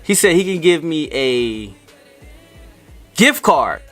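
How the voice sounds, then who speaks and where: A man telling a storytime rant, his voice swinging wildly up and down as he gets worked up. The tone is bright and forceful, and he circles back over the same words again and again. Faint music plays underneath. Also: a little high, slow. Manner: animated, repeats himself, indignant retelling. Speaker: vlogger.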